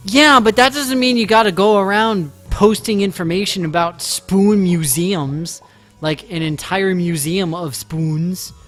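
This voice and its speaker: Male game streamer, casual and jokey, slightly high voice, soft music underneath. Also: a little slow. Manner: playful, joking, teasing chat, excitable outbursts. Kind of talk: casual live-stream chat. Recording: faint music behind.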